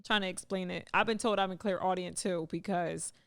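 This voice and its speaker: A woman's voice: fairly low pitch, steady tone, creaky, clean tone. A woman co-hosting a casual podcast chat, agreeing often and easy to laugh with. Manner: supportive, agreeing, quick to laugh. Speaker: podcast co-host.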